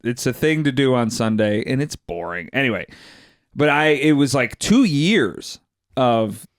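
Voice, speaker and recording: A man's voice: mid-range voice, lively intonation, measured pace, no room sound. A man co-hosting a casual podcast, laid-back with dry humor, telling stories from his upbringing. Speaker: podcast co-host.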